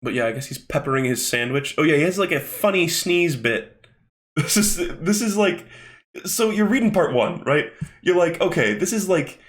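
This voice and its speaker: Expressive and fairly high-pitched, at a moderate pace, a young man hosts a casual manga skim-through commentary. It's rambling and profane, with plenty of fillers.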